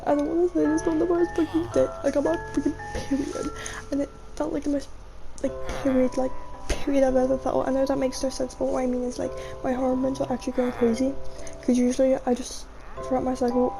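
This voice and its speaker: A woman's voice: high-pitched, level tone, brisk, over music, rough recording. A chatty young woman, rambling casually over her gameplay and often saying "mate". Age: young adult. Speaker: gaming vlogger.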